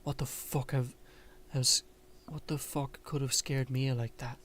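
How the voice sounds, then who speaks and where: Man, game streamer, reading visual novel aloud, flat voice, casual asides. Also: medium pitch, a little slow, a little hiss or hum. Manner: reads narration with restarts and asides.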